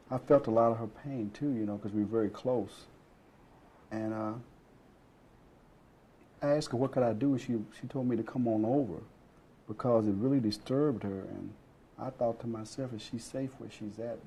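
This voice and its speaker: A protective brother, played by an actor voices his worry in a mediation role-play, earnest and measured. His voice is mellow and warm at a middle pitch for a man, with faint ambience behind it. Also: a little hiss or hum, lightly acted, low-quality recording. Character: protective brother, concerned and serious.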